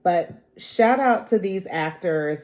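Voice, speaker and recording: A woman's voice: fairly low pitch, lively intonation, takes it slowly, darkish tone. A woman talking to camera in a casual, emotional recap of a TV drama episode, chatty, with frequent "like" and "y'all". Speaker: TV episode reviewer.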